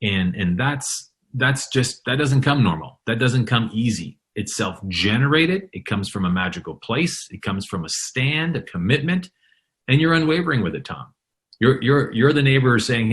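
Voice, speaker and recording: A man's voice: medium pitch, animated, moderate pace, fairly bright tone. A man hosting an interview, talking in a motivational way and often repeating words as he builds his point. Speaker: podcast host. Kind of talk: conversational interview.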